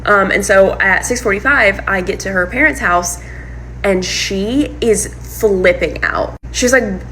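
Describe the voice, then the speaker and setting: Animated woman telling a storytime. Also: mid-range voice, a little slow, a little hiss or hum, low-quality recording. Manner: animated retelling, heavy use of "like" and "um". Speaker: storyteller recounting her breakup. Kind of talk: casual storytime monologue.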